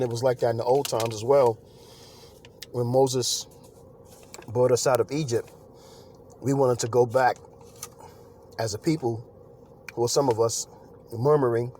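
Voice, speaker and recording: A man's voice: medium pitch, a little mellow, a little hiss or hum. A man giving an informal scripture lesson, talking loosely with fillers and turning emphatic when he preaches. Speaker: religious teacher.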